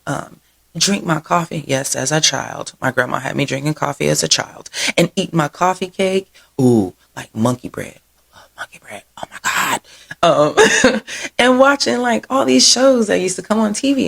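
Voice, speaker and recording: Speaking in a low register with a gravelly, fry-tinged texture, a woman hosting a local events program rambles through the happenings. She digresses into tangents, laughs readily, and says "y'all" again and again.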